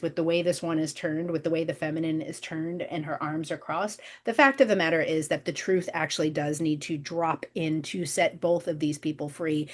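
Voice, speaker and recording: A woman hosting a spiritual energy reading, talking in a searching, hesitant way with many fillers and restarts. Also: on the low side. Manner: giggles softly now and then. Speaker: intuitive reader, host.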